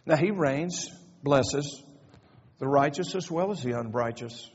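High-voiced older preacher. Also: male voice, expressive, measured pace, husky. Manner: folksy, joking asides building to fervent preaching. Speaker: pastor. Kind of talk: sermon. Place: church sanctuary. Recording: echoey church hall, dull lo-fi sound.

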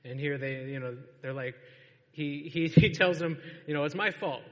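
A man's voice: fairly high pitch, steady tone, normal speed, dull audio. A man preaching a sermon to a congregation in a church, in a casual storytelling way and laughing often. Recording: long reverb of a large hall.

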